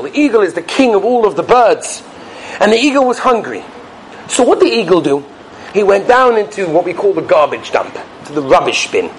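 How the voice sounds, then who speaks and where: A man teaching in a yeshiva, giving a sermon full of stories, animated and dramatic, sprinkling Yiddish and Hebrew words. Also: a little high, slight background noise, low-quality recording. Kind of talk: sermon with storytelling.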